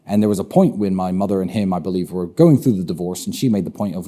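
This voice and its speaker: A man with a British accent speaks in a very dark, mellow voice that sits on the low side. He answers interview questions assertively and states firm opinions. He often repeats a phrase to press a point. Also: animated, quick pace, hardly any pauses. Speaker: interview guest.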